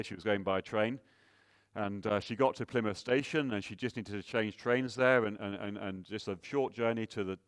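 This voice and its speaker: A man preaching a sermon, earnest and full of rhetorical questions, often restarting phrases, rising louder on key points and dropping soft for emphasis. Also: fairly low pitch, smooth, no echo, studio quality.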